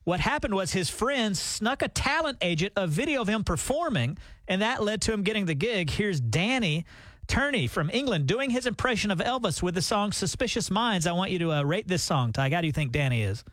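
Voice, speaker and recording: A man's voice: sits high, sing-song, brisk, fairly bright tone, no room sound. A man co-hosting a morning radio show, chatting animatedly and acting out quoted voices. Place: radio studio. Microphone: studio microphone.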